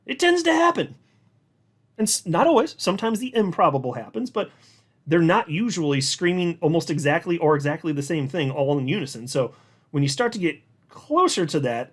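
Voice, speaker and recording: A man with a fairly high, lively voice hosts a casual market commentary show. He reads out analysts' posts and reacts to them, pushing his pitch up sharply for emphasis and addressing viewers directly. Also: brisk. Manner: animated, talks straight to viewers, swings pitch up for emphasis. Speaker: crypto market commentator, channel host.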